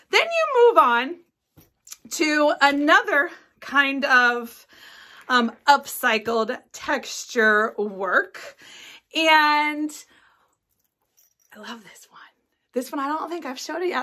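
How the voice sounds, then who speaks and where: Excited craft lady in her 40s rambling about her sewing bags, high bright voice, chatty w lots of ums. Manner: chatty and enthusiastic, with many ums and asides. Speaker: craft video host. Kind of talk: casual show-and-tell chat.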